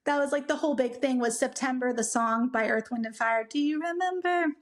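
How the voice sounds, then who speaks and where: A young woman co-hosting a podcast, telling a personal story in a casual, animated way and acting out what people said. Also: fairly high pitch, brisk. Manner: animated, acts out quoted people, many "like" fillers. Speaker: podcast co-host.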